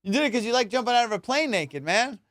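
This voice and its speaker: A man's voice: very high-pitched, expressive, fast talker, fairly bright tone, dry recording. A man hosting a comedy podcast, riffing in a casual, profane way and slipping into put-on voices.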